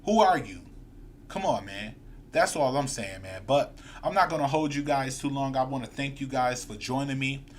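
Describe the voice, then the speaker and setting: A man's voice: medium pitch, moderate pace, slight background noise. A man hosting a live sports fan stream, ranting heatedly and reading viewer comments aloud. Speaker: podcast host.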